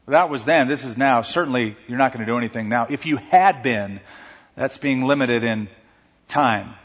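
A man's voice: medium pitch, moderate pace. A man preaching a sermon, who acts out the sisters' words with dramatic emphasis. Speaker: pastor. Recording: muffled recording with long hall reverb.

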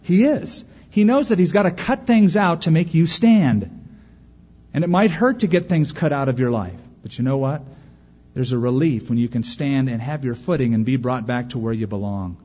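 A man preaching a sermon as a pastor, husky-voiced, animated, acting out quotes and pausing for effect. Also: medium pitch. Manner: animated preaching with acted-out quotes and dramatic pauses. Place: large church auditorium. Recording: muffled recording in a large reverberant hall.

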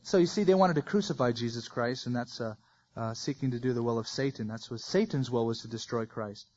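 A man's voice: mid-range voice, a little fast, a little mellow, muffled recording. A man preaching a verse-by-verse sermon, reading scripture aloud with folksy asides.

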